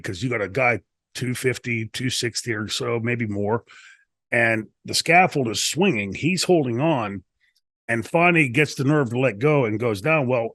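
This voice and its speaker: A man's voice: medium pitch, fairly bright tone, breathy edge, no room sound. A man from the United States, a guest in an interview, telling long rambling stories with many restarts. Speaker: interview guest, former wrestler. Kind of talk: casual shoot interview storytelling.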